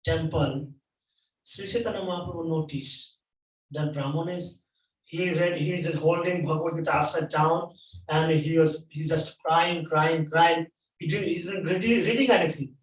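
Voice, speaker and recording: A man preaching a sermon at a temple, telling a story in halting English and repeating phrases for emphasis. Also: a little high, fairly even intonation. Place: temple hall. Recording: echoey hall, mic at a distance.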